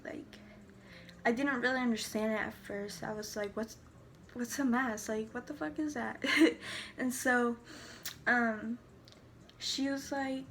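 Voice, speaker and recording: A woman's voice: a little high, steady tone, takes it slowly, long pauses, fairly bright tone, slight background noise. A teenage girl telling a personal story to camera in a casual, rambling way, full of fillers and restarts. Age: teens. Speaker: vlogger.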